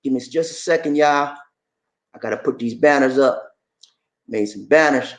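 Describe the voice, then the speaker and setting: A man's voice: mid-range voice, moderate pace. A man from Georgia, bluntly lecturing and chatting with viewers as a livestream host. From Georgia, USA. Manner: blunt, preachy, colloquial. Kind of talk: casual livestream chat. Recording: echoey room.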